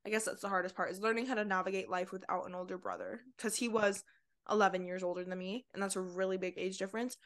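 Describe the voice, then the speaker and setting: A young woman co-hosting a podcast, talking candidly and rambling, with a dark sense of humor. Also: medium pitch, steady tone, quick pace. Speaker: podcast co-host. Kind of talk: casual chat.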